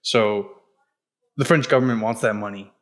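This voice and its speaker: A man's voice: lowish voice, normal speed. A young man co-hosting a podcast, explaining in a blunt, profane, casual way while hedging often. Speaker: podcast co-host. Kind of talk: casual chat.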